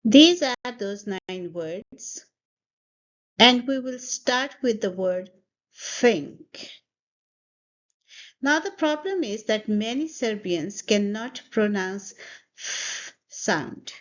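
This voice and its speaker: Woman, pronunciation teacher, very slow and deliberate, repeats each word, dull lo-fi sound. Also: on the high side, animated. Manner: slow, repeats words for students to copy. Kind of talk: pronunciation lesson. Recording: dull lo-fi audio.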